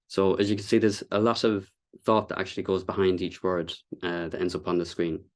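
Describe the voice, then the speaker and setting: Man, low voice, casual meetup speaker, explanatory, loose with fillers. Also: flat delivery, brisk, a little mellow. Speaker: content designer giving a talk. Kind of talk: presentation to a meetup audience.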